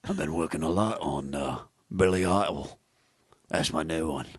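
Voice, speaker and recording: A man's voice: rumbling low, moderate pace, slightly rough, no room sound, studio quality. A man, a comedian guest on a podcast, chatting casually and joking, slipping into impressions. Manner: joking, playful, slips into impressions.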